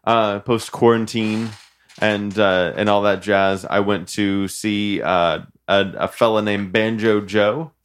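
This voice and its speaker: A young man from Illinois co-hosting a podcast, talking casually with many pauses and self-corrections. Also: on the low side, steady tone, clean tone. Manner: halting, self-correcting, chuckles often. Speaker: podcast co-host and musician. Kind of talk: casual chat.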